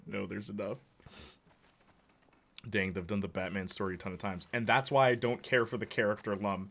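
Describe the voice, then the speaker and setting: A man's voice: lowish voice, moderate pace, a bit bright. A young man riffing and laughing as a gaming streamer in casual live-stream talk. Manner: jokey, riffing, laughing often.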